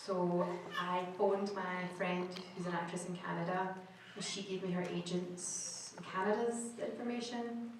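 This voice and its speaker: A woman's voice: on the low side, level tone, a little slow, a loud crowd, very noisy. Chatty Scottish woman in an echoey hall. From Scotland. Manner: chatty, laughing, restarts her sentences often. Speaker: guest actor on a convention panel. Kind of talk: casual panel answers to fans. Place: large convention hall. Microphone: camera in the audience, far from the stage. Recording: echoey hall recorded from far off.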